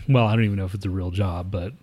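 A man's voice: low voice, fairly even intonation, fast talker, warm tone. A man in his thirties co-hosting a podcast, telling a long story in a rambling, profane way and acting out his coworkers' lines. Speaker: podcast co-host. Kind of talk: casual chat.

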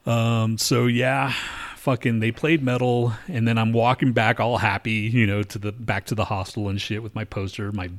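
A man's voice: fairly low pitch, flat delivery, moderate pace, hardly any pauses. A man co-hosting a casual chat, telling a long profane story and acting out what people said. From lives in Denver. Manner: profane, rambling, acts out quotes.

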